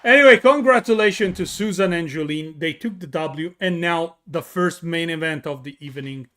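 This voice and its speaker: A man with an Italian accent calling wrestling play by play, bursting into shouts on big moves and joking with his co-hosts. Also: a little high, moderate pace. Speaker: wrestling commentator. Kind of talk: excited play-by-play commentary.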